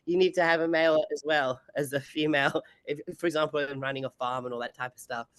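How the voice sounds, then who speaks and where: Woman guest, talkative, quick to laugh; close, dry sound. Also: low-pitched, fairly even intonation, no echo. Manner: chatty, laughs often between sentences. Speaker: bodybuilding competitor and guest. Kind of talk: casual interview chat.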